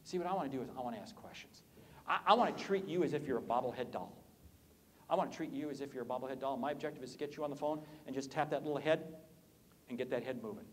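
A man giving an energetic conference keynote on sales, joking with the audience and swinging his voice up and down for effect. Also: fast talker, slight background noise. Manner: animated, swoops pitch up and down, jokes with audience. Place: conference hall.

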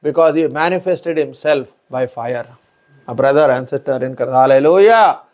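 A man's voice: medium pitch, normal speed, darkish tone, dull audio. A man preaching a sermon, emphatic and repetitive, with frequent hallelujahs and non-native English phrasing.

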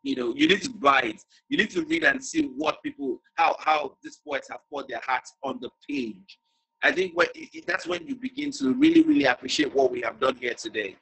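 A man hosting an online reading, gushing and excitable, stumbling over restarts as he praises the poem. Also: a little high, fairly quick, gravelly, slight background noise, low-quality recording. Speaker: host. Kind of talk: casual hosting on a video call.

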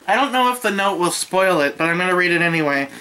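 Young female YouTuber, bright and sharp tone, giddy, squeals and curses casually, filmed at home. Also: lowish voice, quick pace. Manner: excitable, squealing and laughing, swears casually. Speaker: YouTuber opening a gift. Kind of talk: casual unboxing vlog. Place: her own room at home. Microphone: camera on a stand in front of her.

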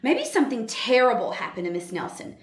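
Woman doing anxious, high-pitched schoolkids. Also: wildly swooping pitch, a little fast, distant mic. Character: worried young schoolchildren. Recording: roomy echo.

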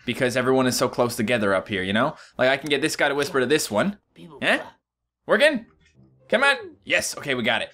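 A man giving casual gameplay commentary, excitable and jumping to high yelps when things go wrong. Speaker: gaming YouTuber.

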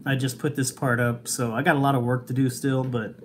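A woman's voice: very deep voice, level tone, fairly quick, darkish tone, a little hiss or hum. A woman co-hosting a toy-hunting livestream from her collection room, joking with a co-host and reading chat with lots of laughter. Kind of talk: casual livestream banter.

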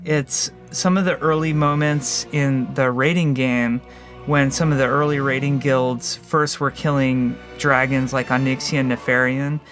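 A man's voice: medium pitch, fairly even intonation, measured pace, fairly bright tone, soft background music. A man who works as a game designer, giving a thoughtful, reflective interview answer with some restarts.

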